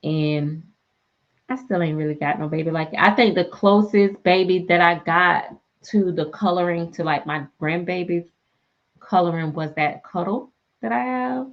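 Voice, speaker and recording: Chatty lo-fi woman storyteller, low-voiced. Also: normal speed. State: sleepy. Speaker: reborn doll artist and live streamer. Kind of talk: casual live-stream chat. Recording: dull lo-fi live-stream audio.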